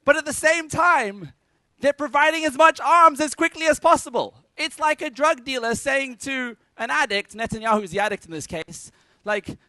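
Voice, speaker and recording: A man giving a lively conference talk to a live audience, energetic and joking with punchy asides. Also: very high-pitched, moderate pace, dry recording. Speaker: conference speaker.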